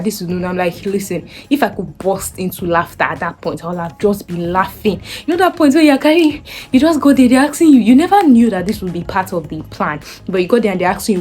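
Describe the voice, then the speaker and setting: Brief: young Nigerian woman, chatty vlogger, lively storytelling, faint music under her voice. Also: mid-range voice, husky. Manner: animated, acts out quoted voices. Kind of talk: casual storytelling to camera.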